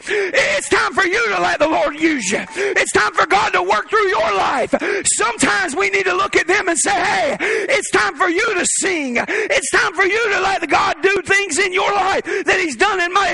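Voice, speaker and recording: A man preaching a sermon in church, shouting in rhythmic bursts with laughing asides. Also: extremely high pitch, vocal fry. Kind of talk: pentecostal-style shouted sermon. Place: church sanctuary.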